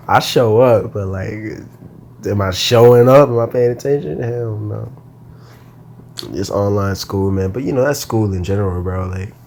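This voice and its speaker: A man's voice: lowish voice, darkish tone, slight background noise. A young man hosting a casual solo podcast, talking in a laid-back, slangy ramble and sounding tired. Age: young adult. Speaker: podcast host.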